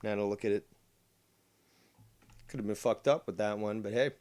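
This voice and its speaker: A man's voice: fairly low pitch, normal speed, darkish tone. Mock-formal male livestream host. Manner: mock-formal, reads chat aloud, swears. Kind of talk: casual livestream chat.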